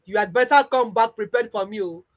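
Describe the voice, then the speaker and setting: A woman acting out an adoring husband, affectionate and playful. The voice sits fairly high and stays close to her everyday tone, with a teasing warmth in the words. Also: brisk, lightly acted. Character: loving adoring middle-aged husband.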